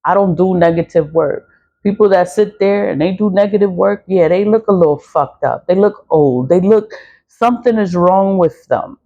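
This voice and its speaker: A spiritual practitioner in their forties who sells cleansing products talks casually about spiritual cleansing at a moderate pace, with phone-quality sound. Their mid-range voice falls between typical male and female registers. They come across as blunt and preachy, keep returning to the same points, and swear freely.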